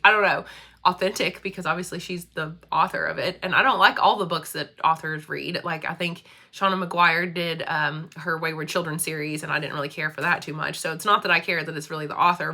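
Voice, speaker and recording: A woman's voice: fairly low pitch, pushed and bright. A woman, chatting casually about books and laughing often. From Kentucky, USA. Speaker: school librarian and book vlogger. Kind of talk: casual chat.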